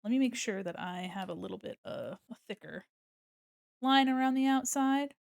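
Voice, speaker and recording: A woman's voice: on the high side, animated, moderate pace, gravelly, no room sound, clean studio sound. An American woman with a neutral General American accent, chatting casually with viewers while drawing on stream, rambling and laughing often. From United States. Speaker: art streamer.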